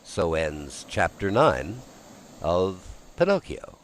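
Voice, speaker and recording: A man narrating an audiobook in an expressive, lively storytelling manner. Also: low-pitched, takes it slowly, a little hiss or hum, poor audio.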